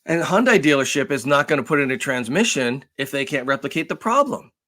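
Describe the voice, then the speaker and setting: A man's voice: on the high side, fairly quick. A man co-hosting a podcast, telling a long story with lots of cursing and acting out both sides of phone calls. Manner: animated, profane storytelling, acts out phone calls. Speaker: podcast co-host. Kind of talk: casual storytelling chat.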